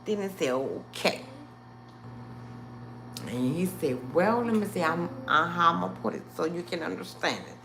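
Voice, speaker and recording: A woman's voice: fairly low pitch, normal speed, gravelly, pauses often, a little hiss or hum. A woman, hosting a live stream and telling her viewers a story, acting out what people said and calling the viewers y'all. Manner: animated, addresses viewers as y'all, acts out quotes.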